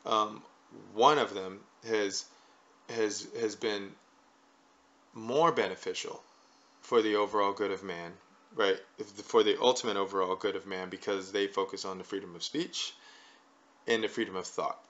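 A man's voice: on the low side, moderate pace, a bit bright. A man hosting a casual talk show, rambling and repeatedly asking "right?" as he makes his points. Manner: rambling, peppers lines with "right?". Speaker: podcast host. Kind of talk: casual conversational chat. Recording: dull lo-fi recording.

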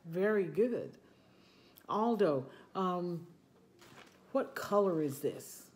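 Slow, gentle woman preschool teacher. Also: lowish voice, animated. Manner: gentle, encouraging, unhurried. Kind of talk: farewell talk to a preschool class.

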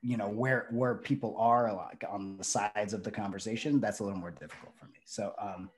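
A man's voice: fairly low pitch, fairly even intonation, fairly quick. A male pro wrestler talking casually as an interview guest, rambling with lots of fillers and restarts.

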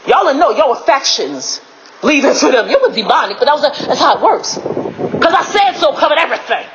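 A woman preaching on her own at home, shouting a repeated phrase, then dropping her voice and laughing between lines. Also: very animated, fast, muffled recording, slight background noise. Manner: shouts a repeated catchphrase, then drops low, laughing often. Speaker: lay preacher. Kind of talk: informal spoken devotional. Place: home, indoors.

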